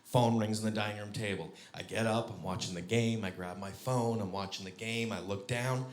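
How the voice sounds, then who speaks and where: A man doing stand-up storytelling on stage, animated and acting out voices. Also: fairly low pitch, brisk. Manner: animated, acts out voices with big shouted peaks. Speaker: stand-up comedian. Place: theater stage with live audience. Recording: roomy live venue with crowd laughter.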